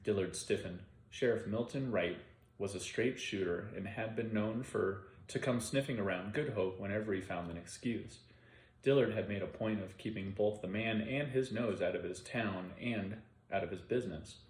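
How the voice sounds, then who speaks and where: A man narrating an audiobook in an unhurried, plain reading style. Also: fairly low pitch, darkish tone. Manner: unhurried plain reading with occasional self-corrections. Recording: roomy echo.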